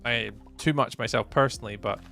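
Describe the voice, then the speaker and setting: A man's voice: medium pitch, brisk, creaky, bright, forceful tone, faint music behind. A Scottish man chatting casually with viewers while commentating a live game stream. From Scotland. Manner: friendly, chatty, greets viewers by name.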